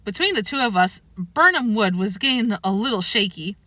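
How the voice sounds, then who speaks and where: A woman reading a children's book aloud with expressive, animated storytelling, close to the mic. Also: mid-range voice, moderate pace, dry recording. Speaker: narrator.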